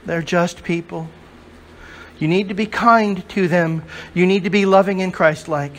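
A man playing a prim, hushed churchgoer. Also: high voice, measured pace, slight background noise. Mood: reproachful. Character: prim churchgoer scolding Jesus for harsh words.

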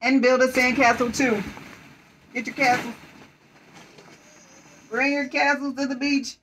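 A woman reading a children's book aloud at home, playful and coaxing, giving quick directions during pretend play. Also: sits high, level tone, a bit bright, a little hiss or hum, poor audio.

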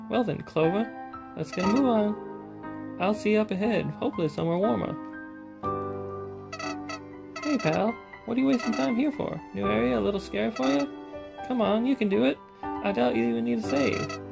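A man's voice: high voice, vocal fry, voice pushed up, heavily acted. A man voicing a cocky, pushy talking male flower with a slight Southern US accent, reading game dialogue. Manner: taunting, bossy, sing-song. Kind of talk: let's play character voice.

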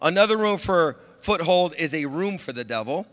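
A male pastor delivering a sermon, who swings between shouting exhortation and soft, low confiding talk. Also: animated, moderate pace. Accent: Southern Californian. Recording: long church-hall reverb.

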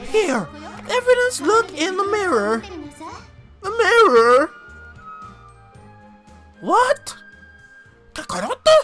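A shrill, scolding genius woman, as a woman dubs her over a game, squawking her lines in a lively, sing-song voice that swoops all over. She drawls slowly, and game music plays softly beneath. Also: exaggerated voice. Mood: exasperated. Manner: squawking, scolding, exaggerated high voice.

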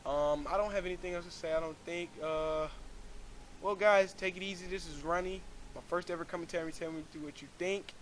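A man's voice: sits high, fairly even intonation, brisk. A young man giving casual gameplay commentary as a gaming YouTuber, rambling and earnest, with lots of fillers. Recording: game audio noise behind. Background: gunfire and game sounds.

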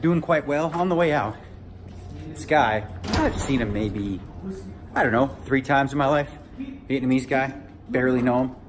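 A chatty man recording a casual vlog, speaking at a middle pitch in a loose, offhand way. He laughs often and calls his viewers "y'all." Steady ambient noise sits clearly behind him. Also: moderate pace, long pauses. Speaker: poker player vlogging his tournament day.

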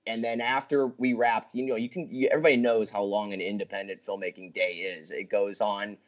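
A man, a filmmaker guest, talking casually on a podcast in a halting way with many restarts. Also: lowish voice, little pitch movement, muffled recording.

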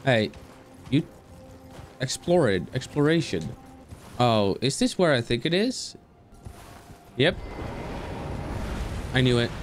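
Streamer man, very lively pitch, swears, talks at the game, faint music under. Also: measured pace, long pauses. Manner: animated, swears, talks to the game, yelps and squeals. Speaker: gaming streamer. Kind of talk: casual gameplay commentary.

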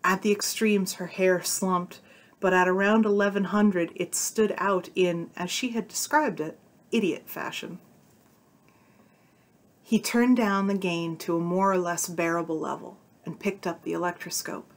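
Female narrator with a lowish voice; reads fiction aloud, voicing characters lightly. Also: fairly even intonation, unhurried. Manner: voices the characters' dialogue with shifts of tone. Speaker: narrator reading a short story aloud. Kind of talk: audiobook-style story reading.

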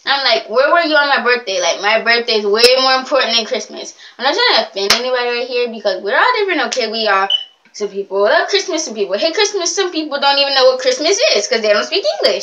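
A woman's voice: fairly high pitch, muffled recording, noisy background. A young woman chatting in a rambling, giggly way in a casual vlog. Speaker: vlogger.

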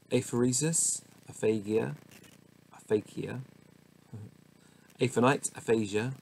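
A man's voice: fairly low pitch, creaky, a little mellow, rough recording. A man reading dictionary entries aloud one by one, stumbling over pronunciations and muttering asides to himself. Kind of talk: casual word-by-word reading. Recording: faint background noise.

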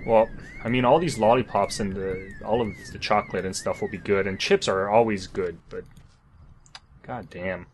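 A man's voice: fairly low pitch, huge pitch swings, moderate pace, slight background noise. A man commentating his own zombie game playthrough, swearing, joking and talking to himself in exasperation. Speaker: gamer. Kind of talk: let's play commentary.

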